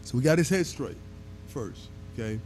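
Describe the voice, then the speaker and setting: Mellow-voiced man explaining, "okay?" after points. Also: medium pitch, lively intonation, moderate pace, slight background noise. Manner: explanatory, checks in with frequent "okay?". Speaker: holistic health guest. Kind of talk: talk show discussion.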